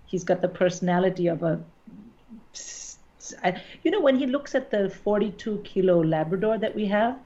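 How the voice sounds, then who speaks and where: A woman's voice: medium pitch, moderate pace, dark tone. A middle-aged woman comedian telling a frank, wry story in casual conversation. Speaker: stand-up comedian, guest. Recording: dull lo-fi recording.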